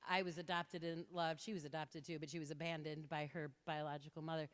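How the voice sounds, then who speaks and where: A woman giving an impassioned talk to an audience, telling stories with lively quoted voices. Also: sits low, fast talker. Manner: animated storytelling with quoted voices. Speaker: speaker. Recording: reverberant hall.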